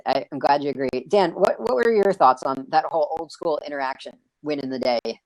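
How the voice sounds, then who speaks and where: Host type: an excitable man chatting over a video call, bouncy delivery, dry close sound. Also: on the high side, fairly quick, no room sound, low-quality recording. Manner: energetic, excitable, raises his voice. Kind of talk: casual live video-stream chat.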